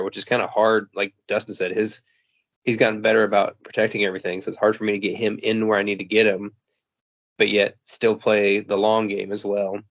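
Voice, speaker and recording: A man's voice: fairly low pitch, a bit bright, dry recording, highs cut off. A man co-hosting a casual podcast about a tabletop game, easygoing and matter-of-fact. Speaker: podcast co-host.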